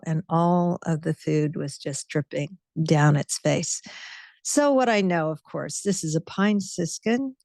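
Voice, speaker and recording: A woman's voice: lowish voice, gravelly, darkish tone, no echo, clean studio sound. A woman giving a guest talk with slides, telling stories in a conversational, reflective way. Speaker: guest speaker, author.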